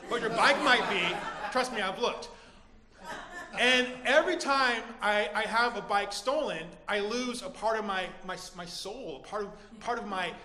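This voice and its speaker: High bright man telling a comic story. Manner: energetic, bursts into shouting. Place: comedy club stage. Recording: echoey hall, live stage.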